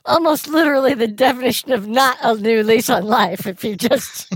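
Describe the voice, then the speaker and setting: A woman cohosting a comedy podcast, bantering in improvised bits with giggles and deadpan dark jokes. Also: a little high, moderate pace, husky, no room sound.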